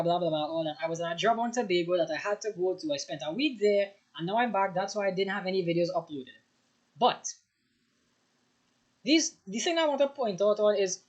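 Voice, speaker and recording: A tired young man hosting a reaction video, rambling in casual commentary after too much coffee. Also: high-pitched. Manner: rambling, restarts often, over-caffeinated. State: tired, short on rest.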